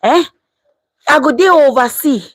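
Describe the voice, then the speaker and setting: A woman's voice: high-pitched, unhurried, poor audio. A woman in her thirties from Nigeria, with a Nigerian accent, chatting casually on a live stream, reading out comments and slipping into Pidgin. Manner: animated, switches into Nigerian Pidgin.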